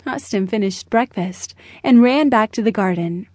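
A woman narrating a children's storybook in a gentle, measured way, close to the mic. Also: medium pitch, no echo. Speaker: audiobook narrator.

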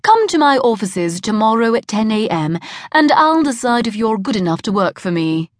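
A woman's voice: fairly high pitch, sing-song, normal speed, dry recording. A woman voicing a pushy, self-important businesswoman who puts on a phony British accent in an audiobook. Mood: haughty. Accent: fake British. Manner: haughty, presumptuous. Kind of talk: audiobook character voice.

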